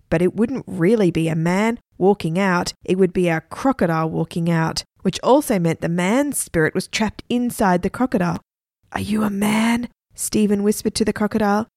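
A woman reads a children's story aloud with lively, expressive delivery. Her voice sits at an ordinary middle pitch. The recording is dry and close, with no room sound. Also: no echo. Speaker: narrator. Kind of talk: storybook reading.

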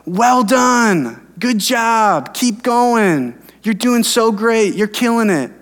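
A man voicing God in heaven, calling out emphatically and shouting. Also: very high-pitched, animated, slow pace, voice pushed up, exaggerated voice. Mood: cheering. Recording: long hall reverb.

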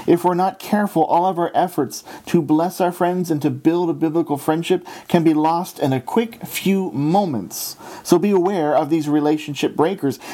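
A man delivers an earnest sermon at a steady pace, his voice dark and mellow. He leans on quotations and turns each one back to his listeners. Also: a little high. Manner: earnest, steady delivery, often quoting scripture and authors. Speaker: preacher.

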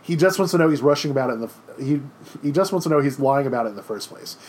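A man's voice: medium pitch, lively intonation, rapid-fire, darkish tone, a little hiss or hum. A young adult man giving a casual, chatty history lecture, full of fillers and playful quoted asides. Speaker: history teacher.

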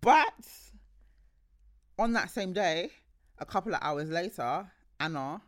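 A woman co-hosting a podcast, chatting casually and telling stories in an animated way with many restarts. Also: fairly low pitch, takes it slowly. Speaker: podcast co-host. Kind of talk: casual chat.

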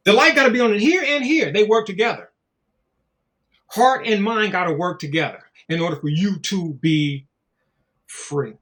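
A middle-aged man in a casual conversation, telling stories in an animated, slangy and profane way and acting out other people's voices. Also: high-pitched, normal speed.

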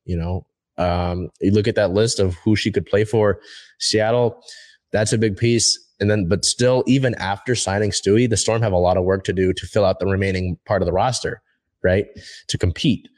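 Young male sports show host, low voice, dry close sound, loose rambling delivery with restarts. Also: steady tone, moderate pace, darkish tone, dry recording. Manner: rambling, many fillers and restarts. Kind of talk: casual sports talk show.

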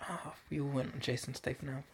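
Fast-talking podcast co-host. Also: medium pitch, little pitch movement. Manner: teasing, quick questions. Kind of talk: casual banter.

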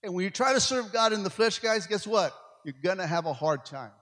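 A man's voice: high-pitched, lively intonation, fairly quick, a bit bright. A man preaching a sermon as pastor, with repeated "amen" and "come on" to his congregation. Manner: preachy call-and-response, frequent "amen" and "come on". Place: church sanctuary. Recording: long hall reverb.

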